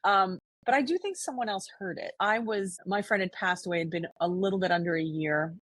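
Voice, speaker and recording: A woman's voice: medium pitch, a little fast, fairly bright tone, breathy edge, no room sound. A woman co-hosting a podcast, talking earnestly and reflectively in casual conversation, often restarting her sentences. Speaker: podcast co-host.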